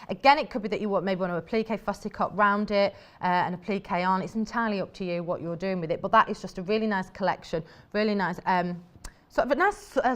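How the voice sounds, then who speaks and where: A woman presenting live on a shopping channel in a TV studio, chatty and enthusiastic, rambling as she shows fabrics. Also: medium pitch.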